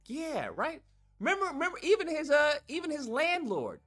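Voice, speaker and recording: A man ranting in casual chat, reading chat comments aloud, animated and profane, repeating himself for emphasis. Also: very high-pitched, moderate pace, soft background music. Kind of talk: heated casual rant.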